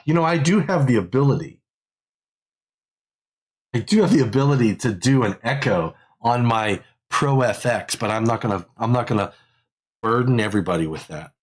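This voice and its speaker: A man's voice: medium pitch, lively intonation, moderate pace, slightly rough. A man hosting a live technical webinar in a casual way. He rambles, repeats phrases and laughs often. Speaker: livestream host.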